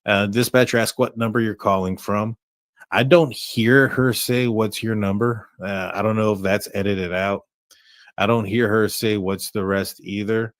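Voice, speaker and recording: A man with a fairly low voice hosts a true crime stream, picking his way through the details with plenty of "um"s and restarts. The sound is dry and close to the mic. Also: steady tone, no room sound. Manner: halting, many fillers and restarts. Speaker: true crime livestream host. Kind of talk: casual commentary on a case.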